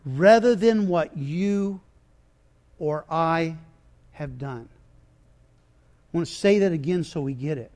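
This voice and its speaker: High-voiced, slow preaching man. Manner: dramatic preaching, swings from hushed to shouted. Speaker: pastor. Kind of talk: sermon.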